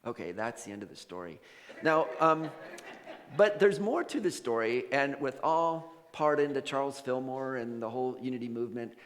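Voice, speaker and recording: Animated male minister in a reverberant hall. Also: medium pitch, moderate pace. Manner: animated, casual storyteller acting out voices. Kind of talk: storytelling sermon. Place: church sanctuary.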